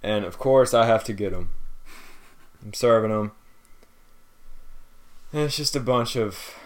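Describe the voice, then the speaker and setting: A man's voice: fairly low pitch, unhurried. Young man telling a work story. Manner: animated storyteller, acts out customers in quotes. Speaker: podcast co-host. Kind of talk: casual storytelling chat.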